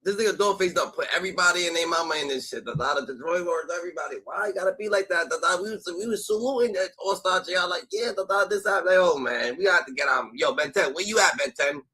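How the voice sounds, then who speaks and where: A young man streaming a live reaction, talking loud and mocking, cursing and repeating catchphrases. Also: sits high, quick pace, few pauses, husky, rough recording. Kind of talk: animated live reaction commentary.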